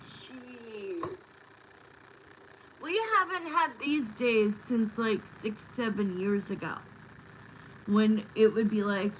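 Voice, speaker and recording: A woman's voice: mid-range voice, slow pace, pauses often, slight background noise, rough recording. A woman hosting a tarot livestream, chatting casually and rambling with lots of fillers, recorded on a phone. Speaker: tarot reader livestream host.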